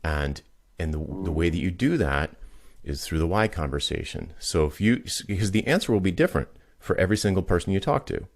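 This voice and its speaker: A man with an exceptionally deep, low voice coaches a guest over a video call. He explains his points with calm confidence and often illustrates them with little stories. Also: fairly quick, gravelly. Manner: confident, explanatory, tells anecdotes to make points. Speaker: podcast host and business coach.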